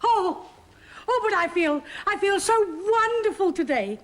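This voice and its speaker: A woman's voice: expressive, measured pace. A woman playing a bossy, gloating wicked witch who hates children, in a 1980s children's TV comedy. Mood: gleeful. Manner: imperious, shrill and gloating. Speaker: villain in a children's TV show.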